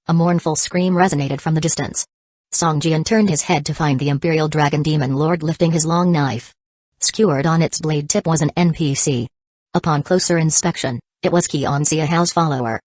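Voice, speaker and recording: A woman narrating a fantasy novel audiobook in an even, unhurried reading. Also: sits low, no room sound. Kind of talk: scripted narration.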